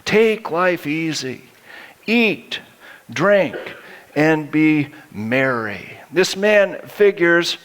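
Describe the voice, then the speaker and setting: A man's voice: sits high, sing-song, drawn-out words, long pauses, fairly bright tone. A middle-aged male pastor preaching a sermon, telling stories and acting out the quotes he reads.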